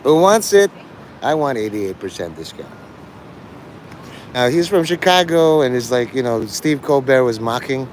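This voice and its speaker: A man's voice: medium pitch, sing-song, moderate pace, pauses often, a little mellow, slight background noise. A man from the Philippines livestreaming from a city street, rambling in a joking, provocative way and dropping in Tagalog phrases.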